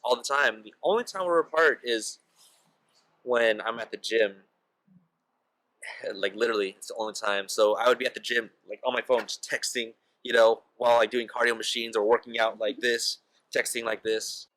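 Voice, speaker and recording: A man's voice: mid-range voice, steady tone, moderate pace, fairly bright tone, no room sound, rough recording. A young man casually telling a personal story as a vlogger, peppering his talk with "like" and "you know.". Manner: chatty, heavy use of "like" and "you know" fillers.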